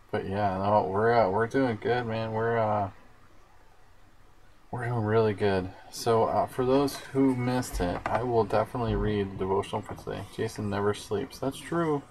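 A man's voice: on the low side, fairly even intonation, a little slow, background noise. A man hosting a casual livestream, chatting in a rambling way and answering viewer comments as they come in. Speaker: livestream host.

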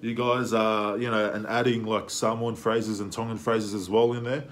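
A man's voice: lowish voice, little pitch movement, normal speed, a little hiss or hum. A young man hosting a music reaction video, talking casually and with enthusiasm, full of slang and fillers.

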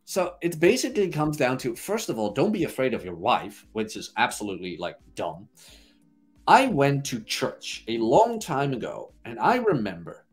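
A man in his thirties hosts a podcast. He talks bluntly and crudely in a casual monologue, with a lively, swooping voice at a middling pitch. He acts out bits of stories as he goes. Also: moderate pace, slightly rough, soft background music. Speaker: podcast host.

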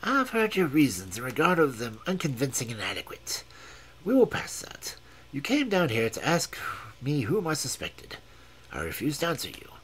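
A man reading aloud and voicing a cold, commanding male detective in a measured, stern, precise way with a husky tone. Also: fairly high pitch, a bit bright, full character voice, rough recording.

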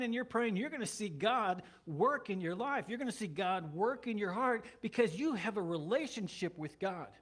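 Male pastor with a high-pitched voice, conversational sermon with light humor. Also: expressive, moderate pace, fairly bright tone. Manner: conversational, joking asides. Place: church.

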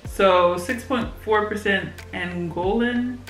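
A young woman vlogs casually in a medium-pitched, slightly bright voice, speaking slowly with soft music behind her. She's chatty and giggly, using lots of fillers, and the recording has a roomy echo.

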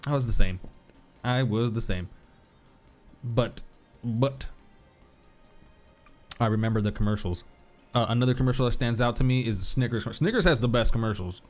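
A man's voice: mid-range voice, moderate pace, long pauses, a little mellow. A man in his thirties streaming a video game, telling rambling stories and swearing casually. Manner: rambling storyteller, swears, laughs easily. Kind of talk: casual gaming commentary. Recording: faint music behind.

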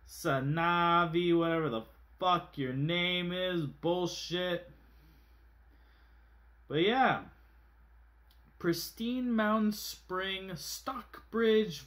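Man, high lively voice, slow drawn-out delivery, goofy, swears a lot, overtired. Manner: goofy, profane, exaggerated outbursts. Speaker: water reviewer. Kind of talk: casual product review vlog.

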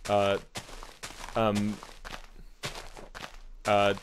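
A man's voice: fairly low pitch, monotone, drawn-out words, a little hiss or hum. A man streaming a video game, chatting playfully and joking in broken Spanish. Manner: playful, mock-Spanish banter, swearing. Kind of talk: casual live-stream chat.

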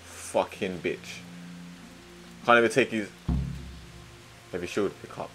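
A young man giving excitable, slang-heavy let's-play commentary, swinging between muttering and loud outbursts. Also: lowish voice, slow, faint music behind. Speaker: gaming streamer.

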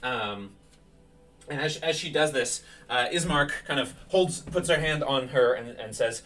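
A man's voice: mid-range voice, a little slow. Man running a tabletop game from a distance. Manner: relaxed, with frequent fillers. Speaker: game master.

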